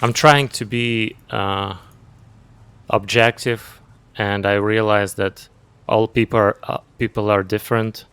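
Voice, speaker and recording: A man chats casually with his stream while he plays. His voice sits fairly low and comes through clean and resonant. He pauses often to find his words and keeps a measured tone. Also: fairly even intonation, fairly bright tone, clean tone. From Ukraine. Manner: halting, searching for words, measured. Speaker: game streamer. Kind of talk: casual chat with stream viewers while gaming.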